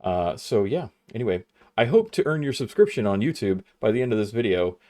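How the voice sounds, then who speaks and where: A man with a fairly low voice talks through his game session from a room at home. His commentary is loose and rambling, full of little self-mocking jokes aimed at his viewers. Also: big pitch swings, fairly quick, dark tone. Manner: rambling, self-joking and chatty. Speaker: game streamer. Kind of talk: casual gameplay commentary.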